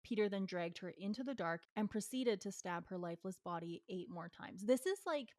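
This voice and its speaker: Woman co-host, curious questioner, steady case narration, dry mic. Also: medium pitch, brisk, no room sound. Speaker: podcast co-host. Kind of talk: casual true-crime chat and case narration.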